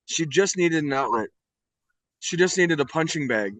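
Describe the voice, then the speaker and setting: A middle-aged man from the United States, an interview guest telling his story candidly in a blunt, profane, animated way. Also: fairly high pitch, moderate pace, dry recording.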